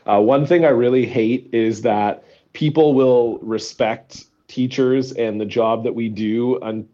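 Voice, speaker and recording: A man of middle pitch tells a sarcastic story, looping and restarting as he goes. His voice comes through a dull, muffled line. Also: steady tone, a little slow, mellow. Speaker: comedian and teacher, podcast guest. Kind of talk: casual podcast chat.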